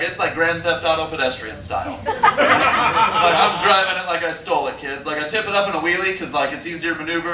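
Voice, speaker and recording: A young man with a high voice tells a crude, rambling stand-up story, padded with fillers. He sounds distant, caught in an echoey club with noise around him. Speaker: stand-up comedian. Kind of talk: stand-up comedy set. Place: comedy club stage. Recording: echoey room recorded from afar, noisy.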